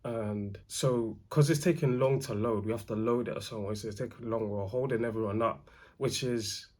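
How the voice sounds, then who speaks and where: A young man, rambling through a casual storytime in animated slang. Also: lowish voice, moderate pace. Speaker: vlogger.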